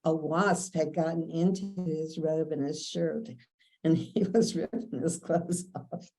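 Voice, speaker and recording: Older kentucky lady telling stories, low pitch, super warm dark tone. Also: steady tone, unhurried, soft background music, rough recording. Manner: chatty, anecdotal, quotes others in dialogue. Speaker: interviewee. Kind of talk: casual storytelling.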